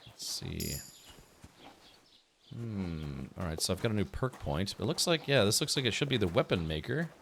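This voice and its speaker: A man's voice: low voice, animated, moderate pace, creaky, a bit bright, slight background noise. A man chatting casually while he streams a game, musing aloud with many fillers. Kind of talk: casual gameplay commentary. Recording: faint game music behind.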